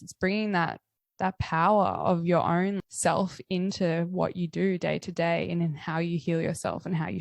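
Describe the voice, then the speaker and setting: A woman hosting a podcast, chatting casually and telling stories in an animated way. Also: on the low side, no room sound, clean studio sound. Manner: warm, animated storyteller, laughs easily. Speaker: podcast host. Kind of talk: casual conversational interview.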